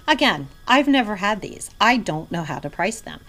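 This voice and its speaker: A middle-aged woman reselling vintage goods, chatting casually to her viewers and often dropping into an excited hushed near-whisper. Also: medium pitch, unhurried. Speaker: vintage reseller showing inventory. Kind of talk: casual vlog chat.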